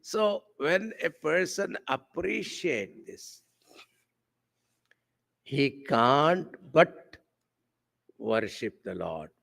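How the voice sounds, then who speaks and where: Slow, gravelly-voiced swami. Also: male voice, on the high side, lively intonation, fairly bright tone. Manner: slow and deliberate, asks the audience rhetorical questions, uses Sanskrit terms. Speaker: swami giving a spiritual discourse. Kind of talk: devotional sermon with a told story. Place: camp hall with a live audience.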